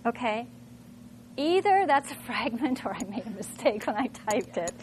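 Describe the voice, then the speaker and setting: A middle-aged woman teacher with a high, bright-sounding voice talks through a lesson. She thinks aloud in an animated way and keeps firing off rhetorical questions. A faint hum of the room sits behind her. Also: normal speed. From Minnesota. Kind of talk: classroom demonstration talk.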